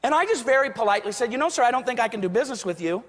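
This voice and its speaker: A man's voice: very high voice, lively intonation, racing, fairly bright tone. A man giving a motivational talk to an audience, telling stories and acting out quoted voices. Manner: storytelling, acts out quoted voices. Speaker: motivational speaker. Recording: long hall reverb.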